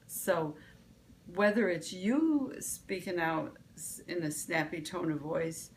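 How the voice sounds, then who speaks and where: A woman's voice: on the low side, expressive, slow pace, a little hiss or hum. A woman vlog host, giving a casual motivational talk, rambling with restarts and fillers.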